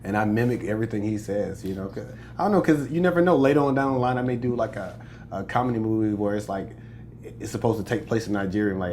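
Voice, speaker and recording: Joking young comedian, low voice. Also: male voice, fast, warm tone, slight background noise. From United States. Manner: boastful, joking, laughs often. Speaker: comedian guest. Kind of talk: casual interview chat.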